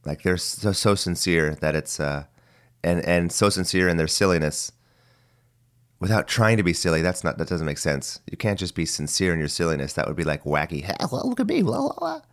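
A man's voice: deep voice, normal speed, clean tone. A man in his forties with a phlegmy voice that cracks now and then, musing aloud in a rambling, casual solo monologue. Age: 40s. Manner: rambling, musing, mildly profane. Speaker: podcast host.

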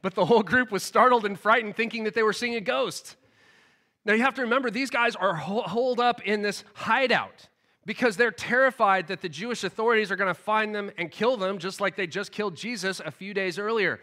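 A man giving a casual, animated Bible teaching in a storytelling way, often laughing as he goes. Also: sits high, brisk. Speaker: preacher.

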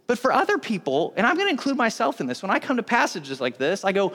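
This thirties-aged pastor delivers his sermon fast and with hardly any pauses, his high, slightly bright voice swooping wildly in pitch. He jokes, chats and keeps breaking off mid-thought, all under long hall reverb.

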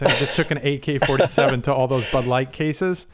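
A man's voice: medium pitch, brisk. Rambling, profane podcast host guy. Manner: rambling, profane, restarts a lot with "like". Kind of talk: casual chat.

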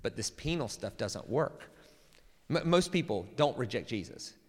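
A man preaching a sermon, animated and emphatic, often stumbling over and repeating words. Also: medium pitch, moderate pace. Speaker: pastor. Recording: long hall reverb.

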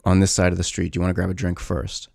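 A man quoting a withdrawn young woman on a date. She speaks in a low, subdued mumble. The voice is gravelly and dry. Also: completely flat delivery, fast talker, darkish tone, no echo.

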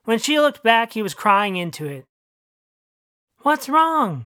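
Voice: mid-range voice, sing-song, moderate pace, a bit bright, no echo, clean studio sound. An author narrating their own short story and then chatting casually about it. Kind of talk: audiobook reading and casual commentary.

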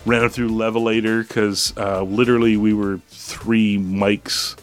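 A man's voice: on the low side, level tone, measured pace, faint music behind. A man co-hosting a podcast in casual chat, rambling with restarts and laughs. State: hiccups, drinking beer. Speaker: podcast co-host.

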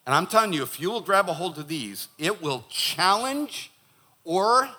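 A man who is a pastor preaching a sermon in church, animated and joking, acting out the voices he quotes. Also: sits high, moderate pace.

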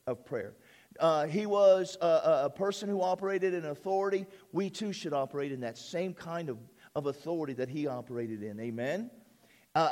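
High-voiced pastor preaching. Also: male voice, darkish tone. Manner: preaching with call-and-response amens and repeated phrases. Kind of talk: sermon. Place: church.

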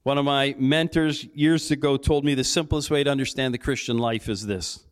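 A lead pastor preaching a sermon, telling stories and acting out playful dialogue with jokes. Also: male voice, mid-range voice, steady tone, moderate pace, clean tone.

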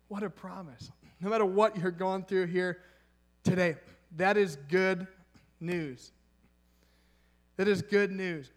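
A young man preaching a conversational sermon, enthusiastic and chatty, with laughs and asides. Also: sits high. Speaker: pastor.

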